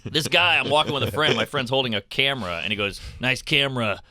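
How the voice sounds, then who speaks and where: A man's voice: medium pitch, fast, no echo. A man, a comedian guest on a talk radio show, telling stories casually and acting out the people in them. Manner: animated, acts out people in his stories. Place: radio studio. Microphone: close studio mic.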